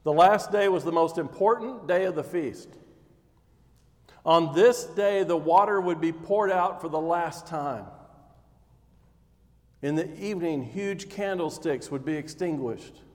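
A man preaching a sermon, retelling scripture as lively storytelling and acting out scenes with rising intensity. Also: on the high side, measured pace, long pauses. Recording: long hall reverb.

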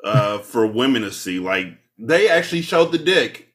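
A man hosting a podcast in casual chat. He is animated and retells scenes with funny voices. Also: mid-range voice, normal speed. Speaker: podcast host.

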